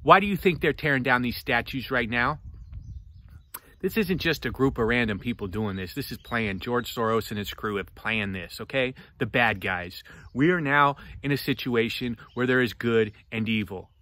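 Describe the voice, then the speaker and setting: A man reviews a book in a passionate, preachy vlog rant at normal speed. He swings between loud outbursts and low, intense talk.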